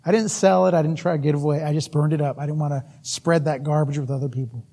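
Brief: animated male preacher, husky tone, storytelling sermon. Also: a little high, fast.

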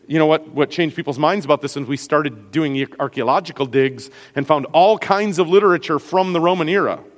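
Great Lakes pastor teaching, chatty. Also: male voice, on the high side, big-room sound. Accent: Great Lakes American. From US Great Lakes region. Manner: conversational, checks in with listeners often. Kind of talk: classroom teaching on Scripture.

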